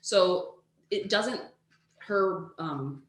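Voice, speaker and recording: A woman co-hosting a podcast, telling a true-crime story in casual chat, animated, with lots of "like" and the odd swear word. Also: medium pitch, extremely slow, echoey room. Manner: animated, swears freely, says "like" a lot.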